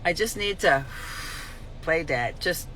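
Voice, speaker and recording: Animated, bright-voiced woman telling stories. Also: deep voice, takes it slowly, slight background noise, rough recording. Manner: animated, acts out scenes, laughs often. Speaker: recovery vlogger. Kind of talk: casual spoken reflection.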